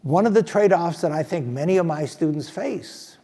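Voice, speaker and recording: An older professor with a husky voice that sits a little high for a man. He talks through his answer in a fireside chat, thoughtful and emphatic, often breaking off and restarting his sentences. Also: lively intonation, moderate pace, dark tone, in a large hall. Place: stage at a business school event.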